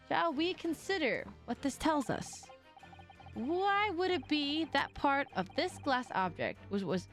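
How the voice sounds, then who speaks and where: A pompous, courtly detective, voiced by a woman reading game dialogue aloud lays out his case with grand, measured accusations. The pitch swings widely in a lively, sing-song way. Soft music plays faintly behind. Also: heavily acted.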